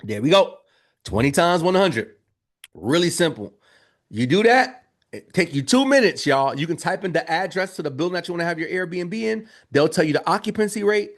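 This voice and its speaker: A man teaching a live business training in an energetic, joking way, calling the audience "y'all.". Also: a little high, moderate pace.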